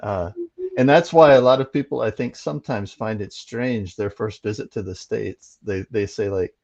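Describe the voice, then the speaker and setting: A man's voice: fairly low pitch, normal speed, gravelly, darkish tone. A man hosting a casual interview who laughs often and answers with short agreements. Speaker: host. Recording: dull lo-fi sound.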